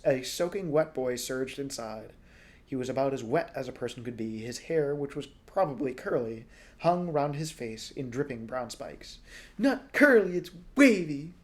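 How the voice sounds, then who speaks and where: A man reading a storybook aloud in a relaxed way, now and then correcting small slips. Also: mid-range voice. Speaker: audiobook reader.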